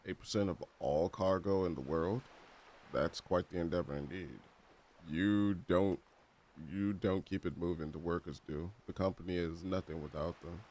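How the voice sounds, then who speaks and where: A man's voice: deep voice, moderate pace, darkish tone. A man streaming a game playthrough, chatting casually in slang, laughing often and reading game text aloud. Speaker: gaming streamer. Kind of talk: casual let's-play commentary.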